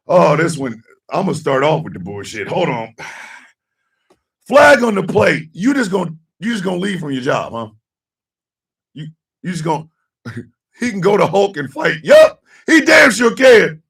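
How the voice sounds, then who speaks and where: A man rants on his talk show and curses freely, going from shouted outbursts to low grumbles. His voice is somewhat high and gravelly, with a wide, jumpy pitch. He sits away from the microphone. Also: big pitch swings, unhurried, long pauses, distant mic. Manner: profane, shouting, swings between yelling and muttering. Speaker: host. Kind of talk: loud rant on a casual talk show.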